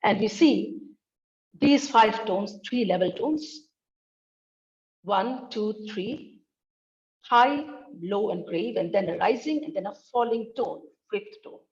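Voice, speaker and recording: A woman's voice: mid-range voice, lively intonation, slow pace, darkish tone, dull audio. A woman giving an academic talk on linguistics, speaking carefully and demonstrating tones with examples. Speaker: linguistics researcher presenting.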